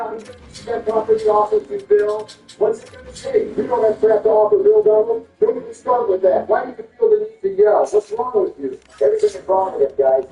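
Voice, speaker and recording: A man's voice: very high voice, gravelly, mellow, roomy sound, recorded from a distance, muffled recording, full character voice. A man voicing squabbling grown men who trade indignant insults over a board game.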